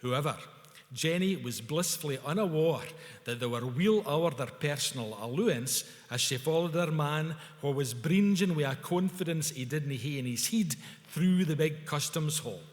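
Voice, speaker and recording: A man's voice: on the high side, expressive, normal speed, big-room sound. A man with a Scottish accent telling a story to an audience at a public event, using broad Scots words. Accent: Scottish, Scots dialect. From Scotland. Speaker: speaker at a culture event. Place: event hall.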